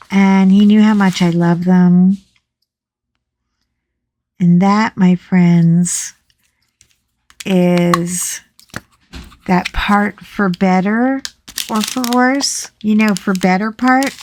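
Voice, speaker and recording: A woman chatting casually as she colors, telling a story with animated, exasperated swings in her voice. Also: medium pitch, a little hiss or hum. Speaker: coloring vlogger. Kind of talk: casual chat while coloring.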